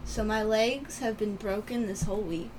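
A woman's voice: mid-range voice, steady tone, normal speed, recorded from a distance, background noise. A young woman co-hosting a podcast, rambling and giggly in casual chat, her voice a little sore and strained. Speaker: podcast co-host.

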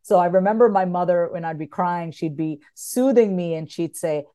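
Candid woman with a mellow voice. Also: lowish voice, moderate pace. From United States. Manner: candid and emotional, swings from tearful to laughing. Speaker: podcast guest, author. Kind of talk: candid interview conversation.

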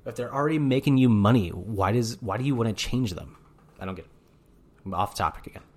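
A man co-hosting a podcast in casual chat, rambling from point to point with an excitable, profane manner. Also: on the low side, a little fast. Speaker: podcast co-host. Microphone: studio mic.

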